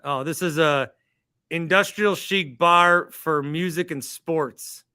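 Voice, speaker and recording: A man's voice: a little high, slow pace, bright, forceful tone, smooth, dry recording. A man hosting a casual call-in show, joking and teasing his callers. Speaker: show host.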